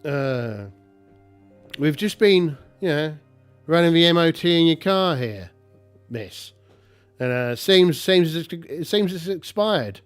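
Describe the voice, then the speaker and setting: A man's voice: a little high, lively intonation, takes it slowly, long pauses, smooth, faint music behind, pitched above the performer's own voice. A man voicing a falsely apologetic male police officer in a solo tabletop game, speaking in a breezy, fake-polite way. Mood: mock-apologetic.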